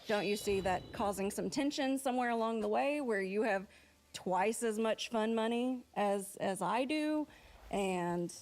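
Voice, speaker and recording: A woman in her late thirties recounts what happened in an even, measured voice. She fills her pauses with small fillers, and a faint background hiss runs underneath. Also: mid-range voice. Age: 30s. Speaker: guest on a couples show. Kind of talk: unscripted on-camera conversation.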